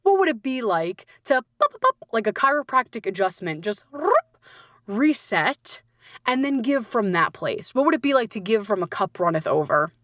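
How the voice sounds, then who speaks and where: A woman coach hosting a casual solo podcast, talking in a lively, playful way with frequent swearing and laughs. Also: mid-range voice, moderate pace, no room sound, clean studio sound.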